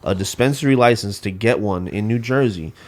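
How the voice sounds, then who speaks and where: Male podcast guest, low and quick, rants with many restarts. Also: darkish tone. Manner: ranting, repeats words and restarts. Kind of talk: casual podcast chat. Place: home studio.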